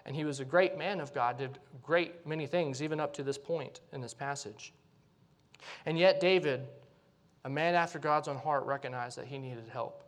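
High-voiced earnest male preacher. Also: normal speed. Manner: earnest, pleading when voicing prayers, frequent "right?" asides. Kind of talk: sermon.

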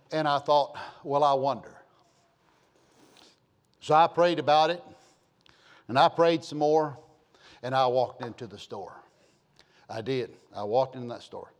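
A man's voice: mid-range voice, measured pace, long pauses. A middle-aged man preaching a sermon, telling folksy stories and rising to emphatic points. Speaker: pastor.

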